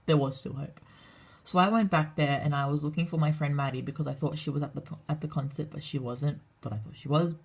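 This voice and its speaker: This is a young woman, chatting casually to camera in a vlog. Her voice sits low and has a husky, raspy edge, with some gravelly fry at the ends of her phrases. She rambles and swears freely, acting out the lines of everyone in her story. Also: fast, few pauses. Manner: rambling, swears a lot, acts out quotes. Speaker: vlogger.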